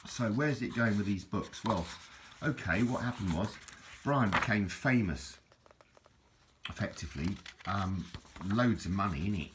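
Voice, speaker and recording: A man with a low, deep voice chats casually, wandering off track, restarting his sentences and laughing at himself. A faint hiss sits under the close recording. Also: animated, a little slow. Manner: rambling, chatty, self-deprecating, many restarts and fillers. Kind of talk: casual rambling book show-and-tell.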